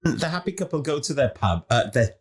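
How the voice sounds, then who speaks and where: A man's voice: a little high, fairly quick, slightly rough. A man co-hosting a podcast, chatting casually and jokily about a film, retelling its scenes. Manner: chatty, jokey, animated retelling. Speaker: podcast co-host. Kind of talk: casual film review chat.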